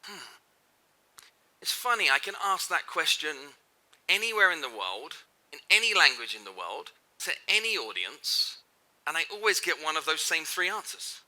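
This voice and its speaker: A man's voice: a little high, sing-song, moderate pace, bright, forceful tone. A middle-aged man giving a motivational keynote to a live audience, emphatic and repetitive, firing questions at the crowd. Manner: emphatic, repeats phrases for effect, asks the audience questions. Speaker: keynote speaker. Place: large hall before a live audience.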